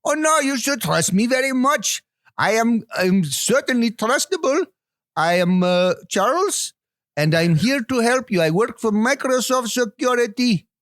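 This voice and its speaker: A man's voice: medium pitch, moderate pace, no echo, clean studio sound, lightly acted. A man doing a shady scam caller with a wandering accent. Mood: scheming. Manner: overly eager, wobbly put-on accent. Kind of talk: improvised comedy bit.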